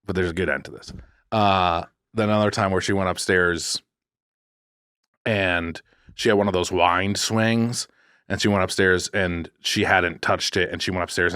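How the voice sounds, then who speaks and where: A man's voice: deep voice, pushed and bright, clear, resonant tone, no echo, clean studio sound. A man co-hosting a podcast, telling a ghost story in a casual, rambling way, restarting sentences and cracking jokes as he goes. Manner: rambling, self-correcting, jokey. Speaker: podcast co-host. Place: podcast studio.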